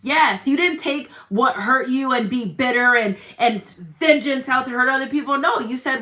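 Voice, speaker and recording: Woman doing a tarot reading, kinda high bright voice, pep-talk vibe, repeats affirmations a lot. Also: normal speed, hardly any pauses. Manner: encouraging, repetitive affirmations. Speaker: tarot reader. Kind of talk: spiritual reading monologue.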